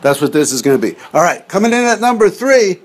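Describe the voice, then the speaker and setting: A man's voice: high voice, very animated, fast. Rambling, jokey male podcast host. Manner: rambling, jokey, addresses listeners as gang. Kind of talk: casual comedic monologue over TV clips.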